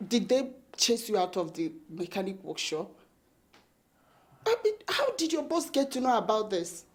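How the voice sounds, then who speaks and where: An actress playing an anxious woman who protects a troubled friend and keeps pleading with him to calm down. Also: medium pitch, normal speed, close to an everyday voice. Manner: pleading, soothing.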